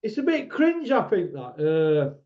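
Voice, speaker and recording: A man's voice: high-pitched, huge pitch swings, takes it slowly, muffled recording, over a noisy crowd. A man hosting a casual online boxing chat show, talking in a blunt, outspoken, rambling way. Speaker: boxing channel host.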